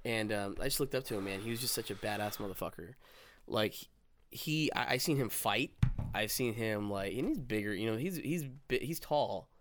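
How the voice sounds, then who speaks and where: A young man hosting a casual chat, telling a profane, animated story and acting out the quotes. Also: fairly low pitch, moderate pace, slight background noise. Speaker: podcast host.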